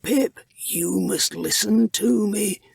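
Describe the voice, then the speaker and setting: A man voicing an old, blind, dying male rat who speaks slowly, weak and breathless, with strained urgency. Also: sits high, creaky, slightly rough, no room sound, studio quality, voice pushed up, full character voice. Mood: urgent.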